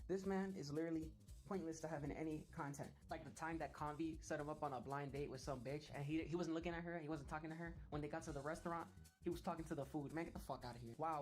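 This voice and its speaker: A man rattling off a fast, profane rant full of mockery and exaggerated retellings. His delivery is quick and brash. Music plays behind his voice. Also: fairly high pitch. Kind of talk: ranting commentary.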